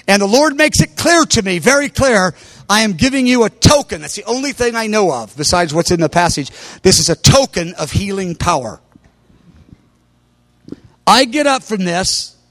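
A man preaching a testimony as a story, animated and breaking into loud exclamations. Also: high-pitched, no echo.

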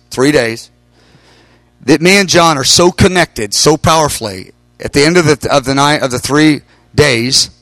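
A middle-aged man preaches in an animated storytelling style, his fairly high voice jumping up whenever he quotes someone. The recording is close and dry, with no room sound. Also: dry recording. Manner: animated storytelling, quoting others in raised voice. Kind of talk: storytelling sermon.

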